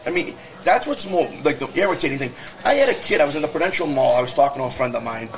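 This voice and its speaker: Brief: male podcast guest, higher-pitched, fast heated profane rants. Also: expressive, faint music behind. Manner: heated, profane storytelling rant; quick, emphatic talk. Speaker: guest, business owner. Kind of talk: casual podcast conversation.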